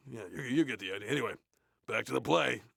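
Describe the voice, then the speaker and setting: Cartoon role: a gruff, crude metal frontman with a sore throat, low gravelly growl, husky. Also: quick pace, a bit bright, dry recording, studio quality. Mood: bored. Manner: bored, crude, swearing, mumbling asides. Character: gruff, grumbling male death metal frontman. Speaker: reader of a play. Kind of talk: comedic in-character reading.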